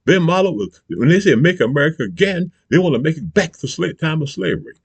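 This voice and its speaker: A man's voice: a little high, expressive, quick pace, creaky, slightly rough, dry recording. A man delivering an angry, profane political rant, emphatic and repetitive, constantly asking if the listener understands. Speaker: political commentator.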